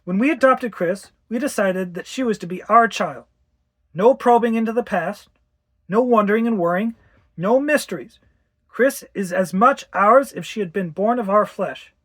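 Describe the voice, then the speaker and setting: A reader playing a caring but firm husband in a ghost story, reassuring and stern by turns. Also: male voice, sits high, moderate pace, fairly bright tone, pitched above the performer's own voice. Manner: teasing, then sharply firm.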